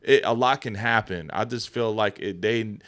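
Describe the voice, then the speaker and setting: A middle-aged male host chats casually, his voice low for a man. He reacts with animated, loosely phrased comments and often jumps up in pitch and loudness. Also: normal speed. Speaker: podcast host. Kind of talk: casual chat.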